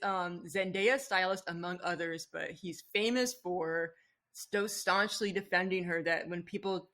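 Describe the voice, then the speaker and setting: A woman's voice: fairly low pitch, fairly bright tone. Gushing, rambling woman on a podcast. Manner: gushing, rambling, restarts often. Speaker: podcast guest. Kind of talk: casual podcast chat.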